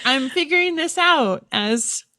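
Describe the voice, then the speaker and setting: Animated woman co-hosting a faith chat. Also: sits high, measured pace, no echo, studio quality. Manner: animated, laughs often, exclaims in surprise. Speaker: podcast co-host. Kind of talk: casual faith podcast chat. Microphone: recorded over a computer call.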